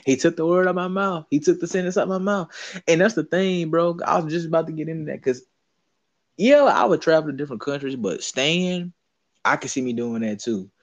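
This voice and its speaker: A man's voice: fairly high pitch, fairly quick. A man with a Southern US accent hosting a casual chat, talking in laid-back slang and laughing often. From Southern United States. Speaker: podcast host.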